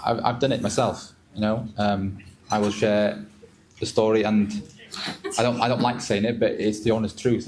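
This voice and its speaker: A father and trader in his thirties talks on a panel before an audience in an event hall, his lowish voice set against a noisy background. He is candid and emotional and tends to repeat words.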